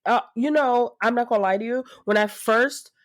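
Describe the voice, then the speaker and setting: A woman co-hosting a podcast, animatedly pitching a book recommendation in casual chat. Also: normal speed. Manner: animated, laughing, self-deprecating. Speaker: podcast co-host.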